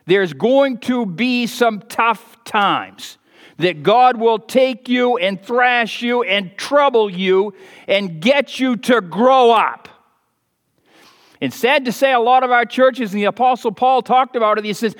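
A fervent male pastor preaching in a church sanctuary, his voice sitting high for a man. Long reverb trails his words through the hall. He swings between loud, stressed points and quiet, offhand asides. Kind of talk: sermon.

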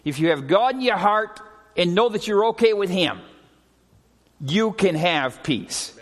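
Middle-aged male pastor, high voice, earnest sermon, slows down for emphasis, long church reverb. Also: fairly bright tone. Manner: earnest storytelling preacher, often slowing and dropping his voice for emphasis. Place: church sanctuary.

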